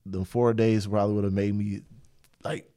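A young man hosting a casual podcast conversation. His voice sits on the low side, and he drifts through stories with plenty of laughter. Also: flat delivery, normal speed, dark tone, smooth. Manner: rambling storyteller, laughs often. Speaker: podcast host. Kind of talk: casual chat.

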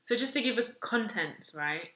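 Brief: young woman, co-host, blunt sarcastic banter, bright voice, echoey room. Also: mid-range voice, animated, normal speed. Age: young adult. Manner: blunt, sarcastic asides, swears. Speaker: podcast co-host. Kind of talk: casual chat. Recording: roomy echo.

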